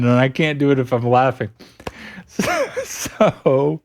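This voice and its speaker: A man's voice: mid-range voice, takes it slowly, long pauses, dry recording, soft background music. A young adult man streaming, chatting casually with viewers, giggling a lot. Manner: giggly, laughs a lot, animated. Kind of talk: casual chat reading viewer messages.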